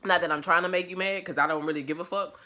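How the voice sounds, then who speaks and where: Bright, brash woman vlogging at home. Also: on the low side, steady tone, quick pace. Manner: blunt, profane and emphatic, laughing often. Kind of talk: casual chat vlog. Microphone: phone camera.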